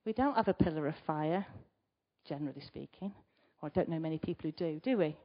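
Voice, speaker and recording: A woman giving a conversational sermon, asking the congregation rhetorical questions and moving between loud emphasis and quiet asides. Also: deep voice, expressive, fast. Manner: chatty, asks the listeners rhetorical questions. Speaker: preacher. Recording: slightly dull recording.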